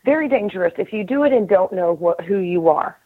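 A middle-aged woman hosting a casual spiritual conversation, earnest and animated, laughing often and acting out inner voices. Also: medium pitch, a little fast. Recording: tinny phone-line call audio.

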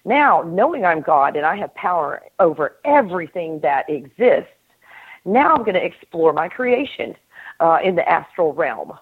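A middle-aged woman speaks earnestly over a thin, phone-like line, her voice a little husky and set fairly low. She talks in an animated way, laughs often, and acts out what she heard herself think. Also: normal speed. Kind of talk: casual spiritual conversation. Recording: tinny phone-line call audio.

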